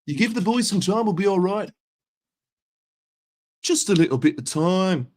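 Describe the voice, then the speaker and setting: A man's voice: sits high, lively intonation, moderate pace, darkish tone. A young man ranting in a football vlog, swearing and mocking in an exasperated way. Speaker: football vlogger.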